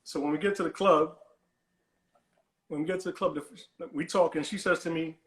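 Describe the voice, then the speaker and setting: Male caller, higher voice, rambling storyteller, roomy echo on the line. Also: fairly even intonation, normal speed, a bit bright. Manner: rambling, repeats and restarts words, dismissive "whatever". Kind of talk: animated storytelling on a call-in show.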